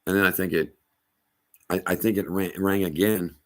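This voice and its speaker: Middle-aged man, very low voice, emphatic halting personal testimony. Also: fairly even intonation. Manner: halting, emphatic, with many restarts. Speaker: storyteller addressing a rabbi.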